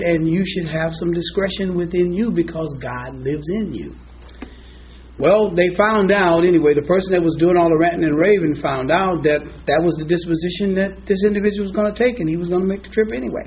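Man, preacher, animated storytelling, slightly dull recording, faint hiss. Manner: animated storyteller, voices soft and low for quoted lines. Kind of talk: sermon with storytelling.

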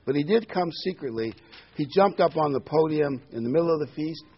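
A man preaches a sermon earnestly and emphatically, repeating key words and dropping in the occasional um. His husky voice sits a little high, animated and slightly fast. The recording is dull and lo-fi.

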